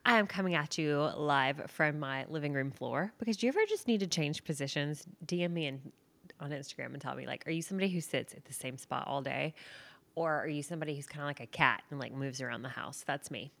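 A young adult woman hosting her own podcast from her living room floor, talking in a chatty, animated way and laughing at herself. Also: deep voice, fast, vocal fry. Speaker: podcast host. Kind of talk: casual solo podcast monologue.

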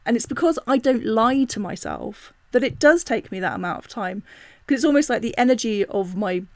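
A woman's voice: a little high, lively intonation, brisk, no room sound. A woman hosting a spiritual self-help podcast, talking casually and reflectively with many asides and self-corrections. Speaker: podcast host.

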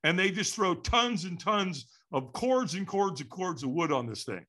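A man telling a story in an animated way, acting out the quotes and sounds. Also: sits high, normal speed. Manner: lively, acts out quotes and sounds.

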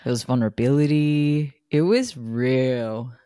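Deep-voiced Australian woman. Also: a little slow, dark tone, dry recording, studio quality. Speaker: podcast co-host. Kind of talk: casual chat.

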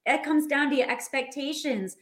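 A woman co-hosting a live show, giving an animated motivational talk and calling her listeners friends. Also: high voice, normal speed, echoey room. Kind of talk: motivational live-stream chat.

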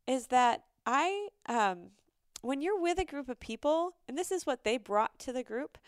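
A woman's voice: fairly high pitch, clean tone, no echo, clean studio sound. A woman hosting a podcast, talking casually and animatedly with lots of fillers and restarts. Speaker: podcast host. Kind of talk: casual solo podcast talk.

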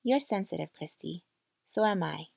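Audiobook-style: a woman voicing a steady, earnest female mentor, low and a bit gravelly. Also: normal speed, no echo, clean studio sound, heavily acted. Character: calm, steady female mentor, speaking from hard experience.

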